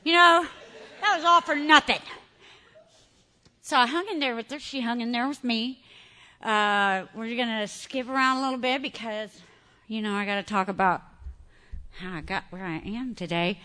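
Woman, candid testimony speaker, high and bright, laughs easily. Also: moderate pace, pauses often. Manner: candid, animated, laughs often. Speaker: speaker sharing recovery story. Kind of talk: personal testimony to an audience.

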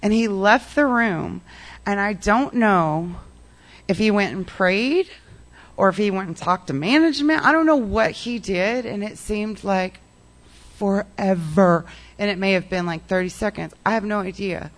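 Woman, mid-pitched voice, giving a rambling personal recovery testimony full of fillers. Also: unhurried. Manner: rambling, heavy use of "like" and "um". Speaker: person sharing her recovery story.

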